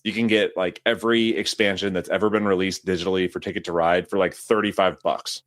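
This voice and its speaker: A man's voice: low-pitched, fairly even intonation, quick pace, fairly bright tone, no echo, studio quality. A man co-hosting a board game podcast in casual chat, playful and rambling as he tells stories. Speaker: podcast co-host.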